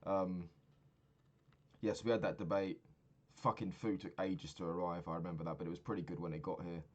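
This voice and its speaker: Young guy in his 20s, real low voice, rambling travel recap, swears a ton. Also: fairly even intonation, fairly quick, a little mellow, lo-fi sound. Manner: rambling, swears a lot, laughs at own stories. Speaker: vlogger. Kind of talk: casual travel recap monologue.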